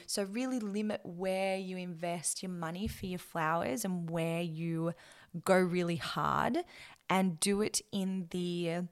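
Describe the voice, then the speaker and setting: A woman hosts a casual wedding chat, handing out firm, no-nonsense advice. Her voice sits low and carries a gravelly fry. She speaks with emphasis and swears casually now and then. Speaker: wedding planning podcast host.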